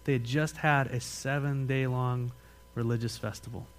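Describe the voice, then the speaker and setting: A man pastor preaching a sermon in a church, speaking emphatically and conversationally with questions to the congregation, then praying softly. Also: medium pitch, fairly even intonation, normal speed. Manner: drops to a soft, earnest tone in prayer. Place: church sanctuary.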